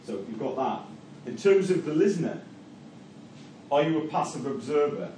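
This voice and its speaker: A man's voice: a little high, expressive, normal speed, dark tone, a little hiss or hum. A man teaching a class about songs, putting a string of rhetorical questions to his listeners. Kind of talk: lecture on analysing songs. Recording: echoey room, mic from far off.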